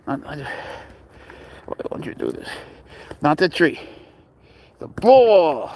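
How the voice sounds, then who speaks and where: A man's voice: a little high, sing-song, slow, long pauses, warm tone. A young man from Spain, outdoors, coaxing and cheering on his cat in a playful way. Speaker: pet owner filming his cat. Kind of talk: casual talk to a pet.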